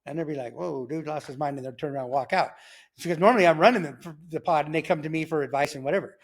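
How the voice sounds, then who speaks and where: A middle-aged man recounts his personal testimony. His voice sits fairly high for a man. He talks in an animated, rambling way, stumbling over restarts and acting out the voices he quotes. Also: racing, husky. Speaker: testimony guest.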